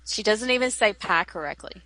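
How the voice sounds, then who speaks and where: Southern woman cohost, chatty and opinionated, bright voice, dry close sound. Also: medium pitch, lively intonation, a little fast, dry recording. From American South. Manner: chatty, opinionated, laughs often. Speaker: podcast co-host. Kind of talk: casual chat.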